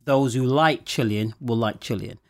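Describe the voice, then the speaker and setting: A middle-aged man talks about his wine business in a lively, story-telling way, breaking into laughter often. His voice sits in a middle pitch and is recorded dry and close. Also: moderate pace, no echo. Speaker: wine shop owner. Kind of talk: casual chat.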